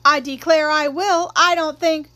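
A stubborn tomboy girl who won't back down and snaps back with quick retorts, as a woman reading the story puts her on. Her voice is high and pushed with force. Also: fairly even intonation, bright, forceful tone, dry recording. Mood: defiant. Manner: defiant, retorting.

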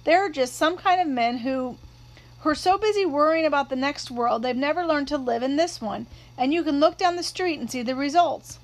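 A woman reads a wry older neighbor from a storybook, blunt and dry with a sharp tongue. The voice stays high and close to the reader's own, not much disguised. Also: moderate pace. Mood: reflective.

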